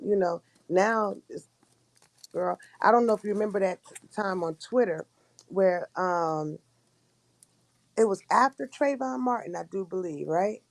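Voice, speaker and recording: A woman's voice: medium pitch, normal speed, no echo. A woman hosting a casual livestream chat, talking in a loose, rambling way with many restarts. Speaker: livestream host.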